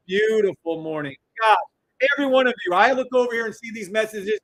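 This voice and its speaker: A middle-aged man streaming live trades, hyped up, yelling and swearing, repeating hype phrases over and over. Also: high voice, animated, fairly quick, no echo, poor audio. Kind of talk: live-stream trading commentary.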